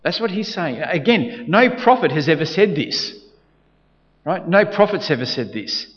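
A man's voice: on the high side, big pitch swings, normal speed. A man preaching a sermon, earnest and repetitive, often restarting his sentences to press a point. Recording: dull reverberant hall sound.

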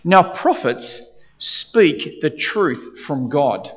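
A preacher with a fairly high, slightly bright voice delivers a sermon extremely slowly and very animatedly, driving points home through repetition and frequent restarts. A long reverb makes it sound like a large hall, and the recording is a little dull.

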